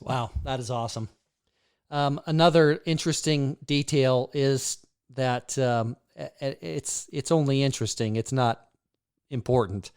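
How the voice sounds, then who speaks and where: A man hosting an interview, asking measured and hesitant questions full of pauses. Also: mid-range voice, darkish tone, clear, resonant tone, no echo, clean studio sound. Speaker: podcast host, interviewer. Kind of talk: conversational interview.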